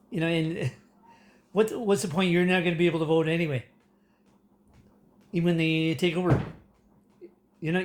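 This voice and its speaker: Canadian man, fairly high voice, loose rambling rant with lots of ums and laughs. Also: darkish tone. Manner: rambling, many fillers and restarts, frequent laughter. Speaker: political commentator. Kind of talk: casual rant to camera.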